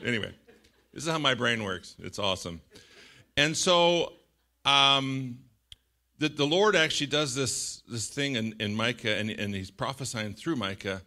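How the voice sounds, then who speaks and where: Middle-aged male preacher, animated sermon delivery, bright forward tone. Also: mid-range voice, moderate pace. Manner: animated, shouts out quoted lines, laughs often. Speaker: pastor.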